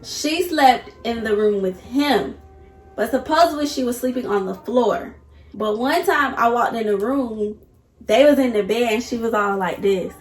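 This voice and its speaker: A woman vlogger telling a personal story in an animated, emphatic way, addressing viewers directly. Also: fairly high pitch, measured pace, echoey room, soft background music. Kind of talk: casual storytime.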